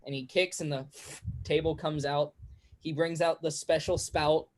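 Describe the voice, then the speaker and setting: A game master casually narrating a tabletop game, with quick storytelling asides. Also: mid-range voice, steady tone, slight background noise.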